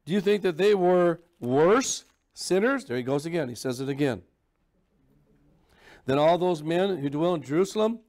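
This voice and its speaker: Emphatic preacher, higher-pitched man. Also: a little mellow. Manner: sarcastic, emphatic preaching with mock voices. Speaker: pastor. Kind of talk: sermon. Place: church.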